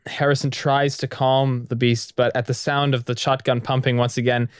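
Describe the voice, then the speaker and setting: A man's voice: medium pitch, flat delivery, moderate pace, clear, resonant tone, dry recording, studio quality. A man co-narrating an improvised story, joking and often stammering as he goes. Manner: jokey, laughs often, stammering restarts.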